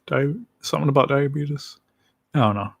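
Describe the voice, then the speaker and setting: A man's voice: medium pitch, normal speed, gravelly, breathy edge, dry recording. A man chatting casually on a livestream, rambling in a laid-back way and laughing easily.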